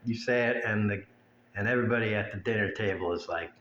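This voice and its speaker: A man's voice: fairly low pitch, quick pace, fairly bright tone, muffled recording. A man ranting in a blunt, crude and mocking way. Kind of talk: profane rant to camera. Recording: echoey room with faint ambience.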